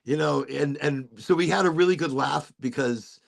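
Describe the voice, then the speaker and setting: A man's voice: a little high, moderate pace, creaky. A man hosting a casual chat, telling rambling stories and laughing often. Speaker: podcast host.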